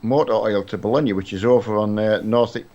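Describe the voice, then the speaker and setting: A man's voice: on the low side, a little fast, a little mellow. A middle-aged man chatting casually on a live stream of a truck game with his son, rambling and hesitant with many fillers and restarts. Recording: dull lo-fi stream audio.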